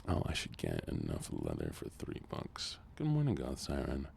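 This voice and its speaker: Very deep, gravelly Southern US man. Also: moderate pace, slight background noise. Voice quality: soft-spoken, drawling. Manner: relaxed, chatting to viewers between game moments. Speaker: streamer. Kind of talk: soft-spoken gaming stream chat.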